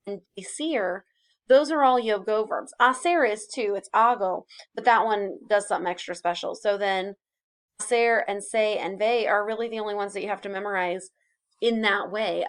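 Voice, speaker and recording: Casual woman teaching a language lesson. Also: medium pitch. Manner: casual, explanatory, with many fillers. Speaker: Spanish teacher. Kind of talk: recorded classroom lesson.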